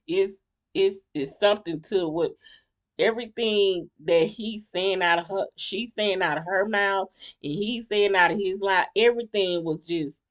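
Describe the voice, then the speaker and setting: A woman vlogger giving a casual, blunt commentary on a reality show, rambling and animated with slang and many restarts. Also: medium pitch. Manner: blunt, fired-up opinions.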